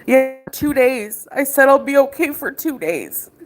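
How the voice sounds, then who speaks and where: A woman's voice: high voice, expressive, unhurried, over music. A woman livestreaming in distress, pleading and accusing, tearful at times. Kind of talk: emotional livestream argument. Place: indoors, abroad.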